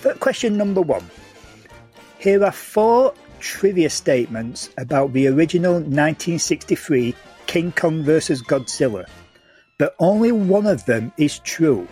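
A man's voice: fairly high pitch, lively intonation, a little slow, darkish tone, faint music behind. A man hosting a casual podcast quiz, reading out questions and multiple-choice options with frequent laughs. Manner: reads questions and options clearly, laughs often.

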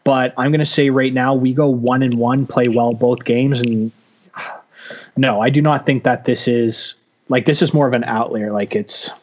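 A man's voice: medium pitch, steady tone, a little slow, a little mellow. A man co-hosting a casual sports chat, blunt and opinionated, swearing often. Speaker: podcast co-host. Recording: dull lo-fi audio.

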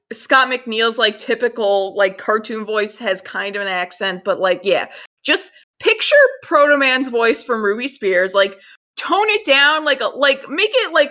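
A woman co-hosting a podcast, chatting casually about an episode, animated and swearing freely. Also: a little high. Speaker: podcast co-host. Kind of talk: casual recap chat.

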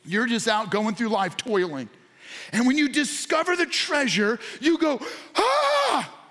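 High-voiced man preaching with animated shouts. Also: moderate pace. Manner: animated, bursts into excited shouts; addresses congregation and online viewers directly. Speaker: pastor. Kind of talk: sermon.

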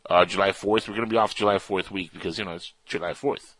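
A man's voice: sits low, steady tone, fast talker, a bit bright, poor audio. Playful goofy male radio host. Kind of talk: casual radio banter.

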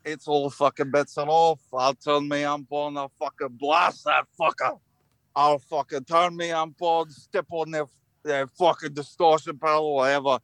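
A brash, foul-mouthed Scottish rocker lad, as a man puts him on in a deliberately shaky Scottish accent. He brags, swears freely, and slips in and out of the accent. The sound is dry and close. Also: a little high, little pitch movement, fairly bright tone, no echo. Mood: boastful. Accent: put-on Scottish, admittedly poor. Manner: profane, boastful, wavering accent.

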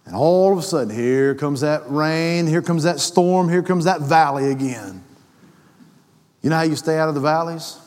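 A man's voice: on the high side, moderate pace. A man preaching a sermon in a folksy way, building to impassioned climaxes. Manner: rising to impassioned, near-shouted climaxes; folksy, calls listener brother. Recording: long hall reverb.

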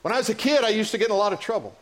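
A pastor preaching a sermon in a church, impassioned and building to emotional peaks, with halting restarts and repeats. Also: male voice, sits high, lively intonation. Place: church sanctuary.

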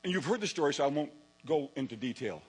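A pastor preaching with a lively, swinging delivery and a slightly higher voice. His tone is bright and a bit husky. He acts out his own past self as he tells the story, and a low electrical hum runs behind him. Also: fast, low-quality recording. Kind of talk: sermon.

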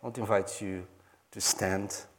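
During a sermon, a pastor from Brazil tells a heartfelt story in Portuguese-accented English, pausing and phrasing things like a non-native speaker. His voice is low and steady, and there is background noise.

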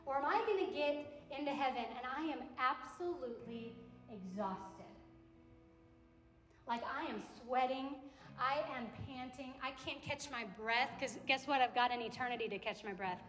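A young adult woman preaching a sermon to a campus ministry gathering, in a conversational, animated way that acts out little quotes. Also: high voice, moderate pace. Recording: echoey hall with long reverb.

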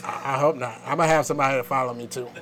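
A man's voice: medium pitch, fairly even intonation, rapid-fire, a bit bright. A man hosting a podcast, talking animatedly, laughing often and swearing in casual chat. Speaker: podcast host.

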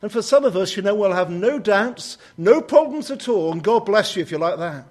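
A man preaching a sermon, telling stories and voicing prayers with sudden lifts in pitch. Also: lively intonation, normal speed, darkish tone. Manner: storytelling, rising sharply when quoting prayers.

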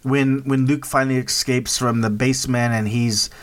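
A man's voice: mid-range voice, steady tone, normal speed. A man hosting a podcast, casually recapping a horror film with many restarts and "right?" checks. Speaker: podcast host. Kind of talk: casual movie review chat.

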